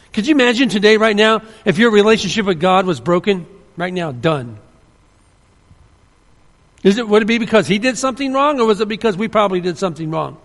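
A man's voice: sits high, fairly bright tone. A man preaching a sermon, earnest and emphatic, often restarting his sentences. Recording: long hall reverb.

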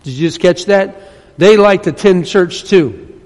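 A man with a fairly high voice preaches to his congregation in a conversational, sometimes emphatic way. His words ring out with a long church-hall reverb. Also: a little slow, a little mellow. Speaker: pastor. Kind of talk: sermon. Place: church sanctuary.

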